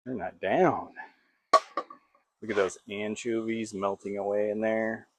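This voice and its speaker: A man's voice: on the low side, fairly even intonation, takes it slowly, background noise. A man hosting a casual home cooking vlog, talking to himself in a playful, jokey way while he cooks in his kitchen.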